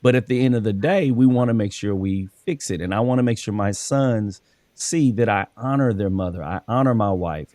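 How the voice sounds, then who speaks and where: A man's voice: medium pitch, mellow, no echo, clean studio sound. A man hosting a casual conversation, telling stories from his work as a coach and acting out the dialogue. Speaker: podcast host and school coach.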